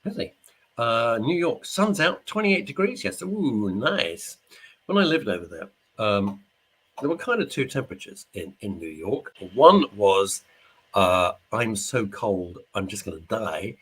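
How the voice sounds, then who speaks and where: A man's voice: medium pitch, very animated, measured pace, a bit bright, slightly rough. A middle-aged man hosting a radio show, chatting casually and jokingly while reading out listener messages. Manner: chatty, jokey, rambling. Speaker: radio host. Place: studio.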